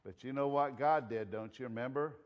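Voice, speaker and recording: A man with a Southern US accent preaching a sermon as pastor, telling the story with animated delivery, shouting out lines and dropping to hushed asides. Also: mid-range voice, a little fast, highs cut off.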